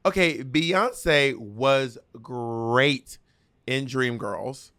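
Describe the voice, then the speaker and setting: A man's voice: mid-range voice, extremely slow, bright, forceful tone, clean tone. A man co-hosting a podcast in casual chat, telling stories emphatically and with animation over a video call. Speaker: podcast co-host. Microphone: podcast mic on video call.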